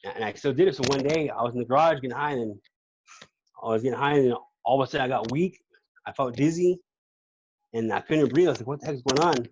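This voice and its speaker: A man telling his own story as a podcast guest in casual talk, slangy and halting, often repeating words. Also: medium pitch, a little mellow, highs cut off, a little hiss or hum. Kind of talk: casual personal testimony.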